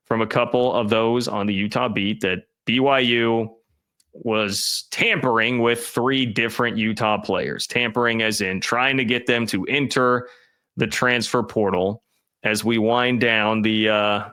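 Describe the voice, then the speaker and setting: A man's voice: mid-range voice, fairly even intonation, measured pace, bright, forceful tone. A man giving emphatic, opinionated college football commentary, talking directly to his chat viewers.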